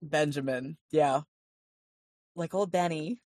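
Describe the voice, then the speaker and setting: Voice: mid-range voice, takes it slowly, darkish tone, no echo, clean studio sound. A game master narrating a tabletop game in a rambling, self-interrupting way, swearing casually.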